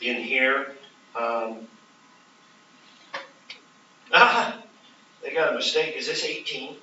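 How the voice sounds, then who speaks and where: Bright-voiced man teaching a classroom. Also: mid-range voice, very slow, slight background noise. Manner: questioning, checks in with students often. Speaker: math teacher. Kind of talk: classroom lecture. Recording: roomy, distant, dull classroom recording.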